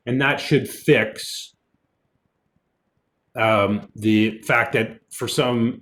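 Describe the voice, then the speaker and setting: A man, a college instructor, giving a relaxed online programming lecture, explaining as he goes with fillers, with keyboard typing in the background. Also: mid-range voice. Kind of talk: recorded online lecture with screen demo.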